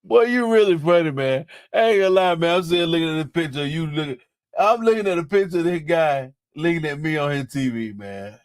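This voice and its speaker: A man's voice: fairly high pitch, animated, a little fast, dry recording, clean studio sound. A young man chatting casually on a live stream, laughing and teasing in slangy talk.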